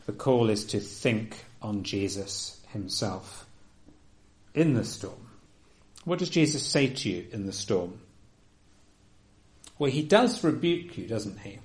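A man preaching a sermon, earnest and emphatic, often dropping to a soft, quiet delivery. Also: on the low side, very animated, slow.

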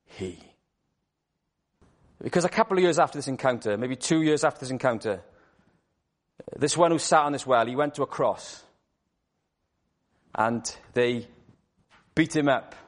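A man preaching a sermon in church, telling the story dramatically and swinging from hushed to loud. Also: mid-range voice.

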